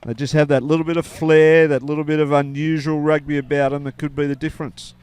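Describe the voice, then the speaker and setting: A man's voice: on the high side, little pitch movement, fast talker, a little mellow, clear, resonant tone, no echo. A man as co-commentator on a rugby sevens match, chatty and agreeable with joking side remarks. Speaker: sports co-commentator.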